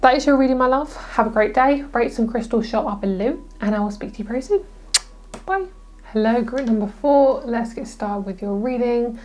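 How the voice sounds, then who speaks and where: A young woman giving a casual pick-a-card tarot reading, gushing and excitable, with frequent swearing. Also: a little high, fairly quick. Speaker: tarot reader.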